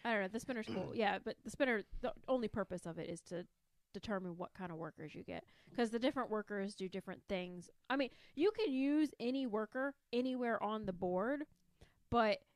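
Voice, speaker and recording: A woman co-hosts a podcast, chatting with enthusiasm about a board game and wandering off topic a bit. Her medium-pitched voice is expressive and quick, recorded with no room sound.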